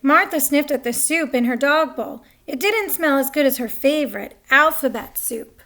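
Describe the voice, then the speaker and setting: A woman reads a picture book aloud in a chatty way and stops now and then to point out the pictures. Her voice is high and bright. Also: moderate pace. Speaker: story reader.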